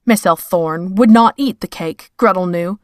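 Woman reading a story aloud, measured and a bit wry, dead dry room. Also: fairly low pitch, a little mellow, no room sound. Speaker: narrator. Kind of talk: scripted fiction narration.

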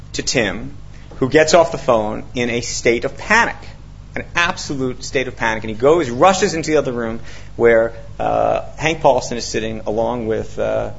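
With a mid-range voice and vocal fry, a male author addresses an audience through a long, animated story full of acted-out dialogue, fillers, and restarts. A little hiss or hum runs through the dull lo-fi recording.

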